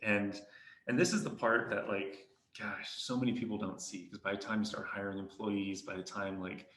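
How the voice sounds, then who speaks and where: A man's voice: lowish voice, fairly even intonation, normal speed, a bit bright, echoey room. A man co-hosting a podcast, chatting candidly and reflectively about his startup's early years. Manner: candid, reflective, laughs often. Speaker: podcast co-host, startup co-founder. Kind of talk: casual chat.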